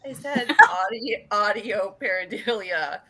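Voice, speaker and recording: A woman's voice: medium pitch, animated, a little slow, over a noisy crowd. A woman co-hosting a casual group chat, chatty and laughing easily.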